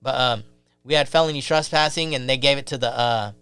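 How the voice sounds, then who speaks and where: A man's voice: medium pitch, fairly quick, bright, forceful tone, clean tone, no echo. A man, a podcast guest, telling a rambling, casual story full of fillers and swearing.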